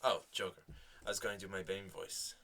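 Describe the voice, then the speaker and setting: A man's voice: low voice, flat delivery, a little fast, vocal fry, sharp tone. A young man co-hosting a casual podcast chat, teasing and jokey. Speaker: podcast co-host.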